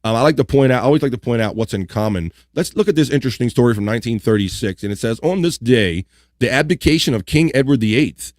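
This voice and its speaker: A man hosts a live online talk show at a mid pitch. He reads out on-this-day history items and drops relaxed, joking asides between them. The sound is dry and close. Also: quick pace, dry recording. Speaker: livestream host. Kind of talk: casual chat reading on-this-day history.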